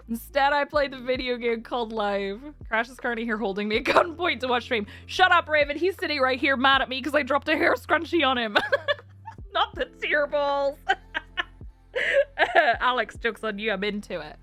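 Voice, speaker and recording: Over soft background music, a streamer with a high, sharp-toned voice talks a little slowly and animatedly to her audience. Close to tears and emotional, she still laughs often while reading the chat aloud in this casual conversation.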